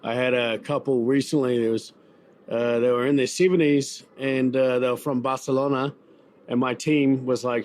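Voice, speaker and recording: At a busy event venue, a New Zealand-accented chef and restaurant owner chats through a casual interview, his talk peppered with fillers and repetitions. He has a mid-range, slightly mellow voice with fairly even intonation and a moderate pace.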